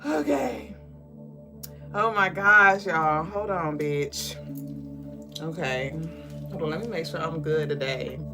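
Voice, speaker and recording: A woman hosting a casual spiritual reading livestream, excitable and profane, greeting viewers and reading their comments aloud. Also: low voice, slow, creaky, pauses often, over music.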